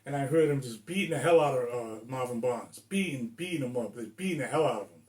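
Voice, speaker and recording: A man's voice: mid-range voice, animated, quick pace, darkish tone. A man in his sixties from Rhode Island, ranting bluntly and emphatically to the camera with plenty of profanity. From Rhode Island, USA. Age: 60s. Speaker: vlogger. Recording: echoey room.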